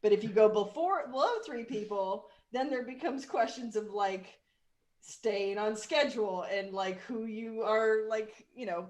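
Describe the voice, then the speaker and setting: Female band member as casual Q&A host, animated, profane, giggly. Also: a little high, unhurried. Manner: animated, laughs often, teasing. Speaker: band member hosting a fan Q&A. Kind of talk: casual chat, swearing and laughing.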